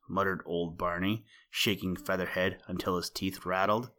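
A man reading a children's story aloud as the podcast host, gentle and unhurried, with rhyming asides. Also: low voice, steady tone. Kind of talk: storybook read-aloud narration.

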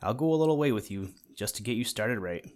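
A man's voice: lowish voice, lively intonation, fast talker, darkish tone, natural voice. A man voicing a small, fretful male meadow mouse in a storybook reading, giving earnest advice. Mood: earnest, worried. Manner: earnest, advising.

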